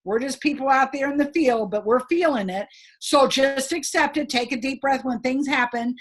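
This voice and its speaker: A middle-aged woman giving an upbeat, emphatic motivational training talk to her sales team, chatty and quick to laugh. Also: high voice. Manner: laughs between points.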